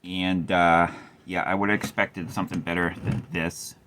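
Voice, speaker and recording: Deep-voiced wry repair tech. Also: male voice, level tone, normal speed, noisy background. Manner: rambling, wry, swears casually. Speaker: amplifier repair host. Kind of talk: casual workshop tutorial.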